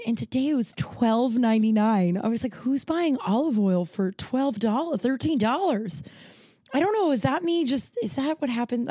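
A woman's voice: mid-range voice, mellow, dry recording. A woman in her thirties hosting a podcast alone, rambling casually with lots of fillers and restarts, tired and yawning. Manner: rambling, filler-heavy, self-interrupting. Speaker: podcast host. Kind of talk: casual solo chat. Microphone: home recording setup.

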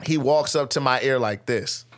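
A man telling a story in a casual podcast chat, animated and slangy with frequent laughter, close to the mic. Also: mid-range voice, moderate pace. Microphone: close studio mic.

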